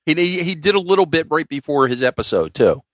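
A man's voice: fairly high pitch, big pitch swings, brisk, fairly bright tone, a little hiss or hum. Middle-aged Philly man telling rambling stories. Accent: Philadelphia. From South Philadelphia. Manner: rambling storyteller, many restarts and fillers. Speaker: podcast co-host. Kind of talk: casual podcast chat.

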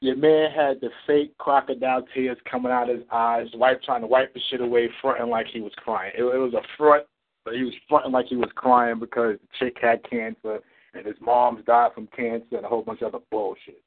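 A man's voice: medium pitch, fairly even intonation, brisk. A man calling in to a chat show, telling a story bluntly and with a lot of swearing. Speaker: caller. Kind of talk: casual call-in chat. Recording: phone-like lo-fi call audio.

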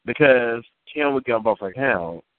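A man's voice: mid-range voice, animated, moderate pace. A man on a community call telling a long rambling story in casual, profane slang, repeating himself as he goes. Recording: tinny phone-like line, dry.

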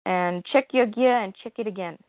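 A woman's voice: mid-range voice, moderate pace, no echo, natural voice. Scornful mercenary leader, read by a woman. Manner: plain read-aloud delivery. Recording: phone-like dry audio.

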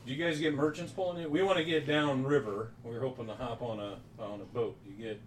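A man's voice: mid-range voice, steady tone, fairly quick, slight background noise, natural voice. A man voicing a friendly male adventurer who keeps asking questions, heard in a roomy space from a distance. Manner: chatty, persistent questioning.

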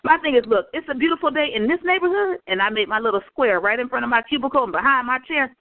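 A woman co-hosting a casual chat, telling animated workplace stories and acting out what people said. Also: sits high, fast, no echo. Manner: animated storyteller, acts out quotes. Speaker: podcast co-host. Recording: tinny phone-line audio.

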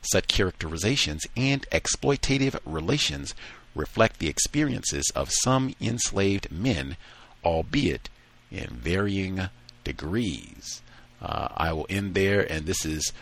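A man hosting a call-in talk show, reading a passage aloud and then chatting in relaxed asides. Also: deep voice, slow, gravelly. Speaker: radio talk show host.

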